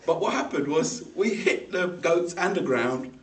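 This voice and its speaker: A man giving a humorous personal story as a speech, animated and acting out the people in it. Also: fairly high pitch, measured pace. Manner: animated, acts out voices in the story, laughs along. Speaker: speaker at a speaking club. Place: meeting room. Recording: echoey room, mic far off, faint noise.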